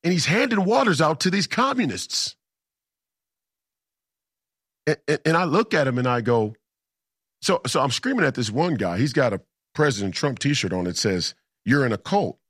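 A man's voice: a little high, sing-song, fairly quick, a bit bright, breathy edge, dry recording, clean studio sound. A man in a casual storytelling monologue, emphatic and combative, repeating himself for effect. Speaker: political commentator.

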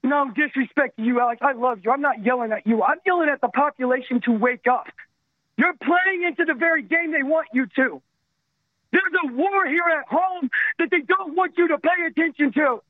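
A man's voice: very high-pitched, normal speed, no room sound. A man calling in to a radio show, an army veteran, speaking intensely and pleading, his voice cracking with emotion. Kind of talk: impassioned call-in rant. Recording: tinny phone line.

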